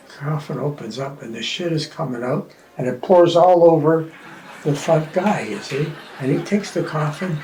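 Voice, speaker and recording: A man telling jokes to an audience, an animated storyteller who punches up the lines and drops into near-whispers for asides. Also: mid-range voice. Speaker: joke-telling comedian. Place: outdoor street performance. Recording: roomy, from a distance with ambient noise.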